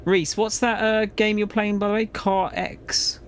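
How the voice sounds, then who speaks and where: A man's voice: high-pitched, flat delivery, measured pace, slight background noise. Laid-back man rambling on stream. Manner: rambling, laid-back, swears and laughs often. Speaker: game streamer. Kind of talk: casual live-stream chat while gaming.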